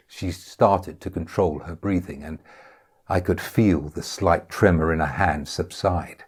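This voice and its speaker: A man reading his own novel aloud as a first-person audiobook, measured and dry. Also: deep voice, steady tone, slightly rough.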